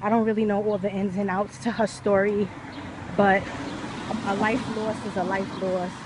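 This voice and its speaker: A woman vlogs as she walks uphill outdoors in the heat, a little out of breath. Her mid-range voice is flat and at normal speed, with background noise, yet she talks passionately, rambling with many fillers.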